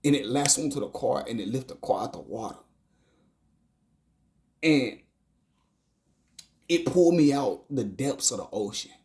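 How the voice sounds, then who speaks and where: Guy retelling a dream as a testimony, stumbles and repeats words, goes quiet and whispery sometimes. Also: mid-range voice, animated, a little hiss or hum. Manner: halting, repeats phrases and stumbles over words; drops to a hushed whisper at tense moments. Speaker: person giving a testimony.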